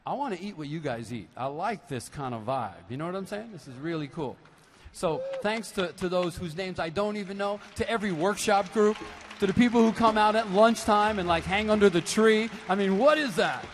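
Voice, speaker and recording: A male musician on a concert stage, telling stories in a fairly high voice. His talk is animated and full of playful asides. It is picked up live, with long reverb from the big arena and a faint hiss behind him. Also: fairly quick. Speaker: percussionist addressing a concert audience. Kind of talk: stage talk between songs. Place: large basketball arena used as a concert hall.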